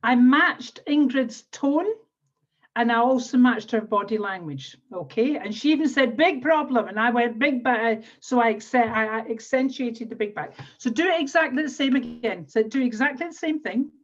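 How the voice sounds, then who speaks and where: A woman with a Scottish accent, an NLP trainer and coach, speaks at a normal pace in a slightly high voice. She's teaching a live online coaching workshop, captured over a video call as dull, lo-fi webinar sound. Her manner is instructive as she leads listeners through exercises step by step, frequently repeating phrases.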